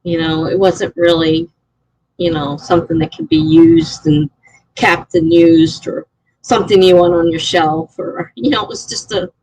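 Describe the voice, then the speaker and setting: A woman's voice: fairly low pitch, gravelly, a little mellow, husky, dry recording, rough recording. A middle-aged woman live streaming, telling a story in a rambling, chatty way with lots of fillers. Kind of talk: casual chat.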